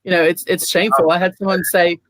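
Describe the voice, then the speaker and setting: A woman running for office, answering interview questions in an earnest way, often pausing on ums and restarting her sentences. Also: fairly low pitch, flat delivery, no room sound. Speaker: political candidate guest.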